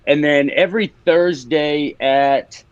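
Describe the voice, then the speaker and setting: A man's voice: fairly high pitch, slow pace, clear, resonant tone, dry recording, highs cut off. A man with a Memphis accent, a guest author explaining ideas in a casual interview, teaching and restarting as he talks.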